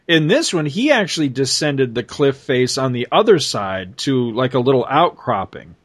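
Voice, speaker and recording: A man's voice: medium pitch, very animated, normal speed, breathy edge. A man in casual chat, animatedly retelling a comic story and laughing often.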